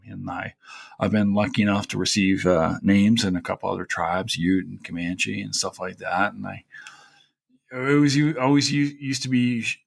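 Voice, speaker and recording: A man from Kentucky talks through a personal story in a loose, rambling way, with "you know" scattered all through it. His voice sits low and has a gravelly, crackly edge. He sounds heartfelt and close to tears. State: tearful at times. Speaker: historian host.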